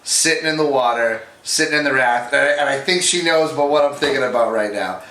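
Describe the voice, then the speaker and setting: A man giving a sincere, slightly halting wedding message. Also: mid-range voice, bright, forceful tone, echoey room.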